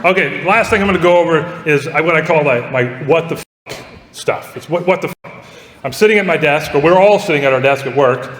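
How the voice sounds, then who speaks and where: Guy roasting his buddy, crude jokes, laughs at himself, big boomy room. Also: fairly quick, fairly bright tone. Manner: joking, profane, laughing at his own lines. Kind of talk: roast speech. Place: large echoey party hall with audience. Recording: echoey hall, crowd noise.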